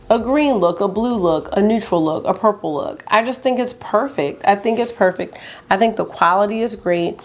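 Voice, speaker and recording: A young adult woman hosts a casual makeup review from home. She talks in a chatty, enthusiastic way at a middle pitch. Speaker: beauty vlogger.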